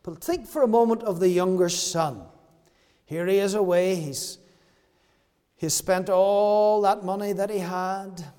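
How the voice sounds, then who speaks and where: A man's voice: high voice, fairly even intonation, a little slow, dark tone, clear, resonant tone. A man preaching a sermon in earnest tones, repeating key phrases for emphasis. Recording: long reverb of a hall.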